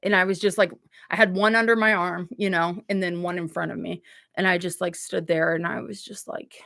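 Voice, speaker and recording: A woman's voice: lowish voice, fairly even intonation, fairly quick, creaky, a bit bright, no echo, clean studio sound. A woman hosting a livestream in a casual, rambling way, full of filler words and blunt swearing. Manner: rambling, chatty, heavy on "like" fillers. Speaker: livestream host.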